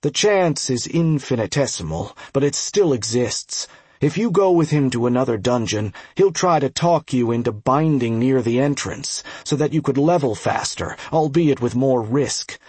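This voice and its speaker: A man voicing a tired, wary veteran male dagger fighter who speaks in a low voice. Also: a little mellow, breathy edge, dry recording.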